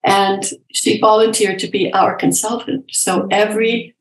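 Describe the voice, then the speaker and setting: Older woman, gentle reflective storyteller, roomy. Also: medium pitch, flat delivery, measured pace. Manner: candid, gentle, anecdotal. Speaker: guest, palliative care nurse and professor.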